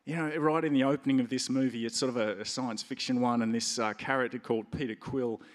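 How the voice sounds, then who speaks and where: Male pastor, mid-pitched, conversational sermon delivery with punchy stresses, reverberant hall. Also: fast talker. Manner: conversational preaching, lively stresses.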